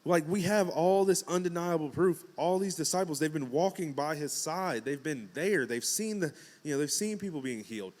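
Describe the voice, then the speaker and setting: A man's voice: fairly high pitch, moderate pace, few pauses, darkish tone. Man preaching a casual, joking sermon. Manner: conversational, acts out quotes with jokes and asides. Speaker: pastor.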